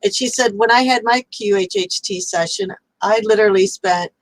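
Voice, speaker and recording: A woman's voice: a little high, big pitch swings, normal speed, creaky, no room sound, poor audio. A woman hosting a chat over a video call, speaking in an effusive, enthusiastic way. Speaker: host. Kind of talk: casual chat.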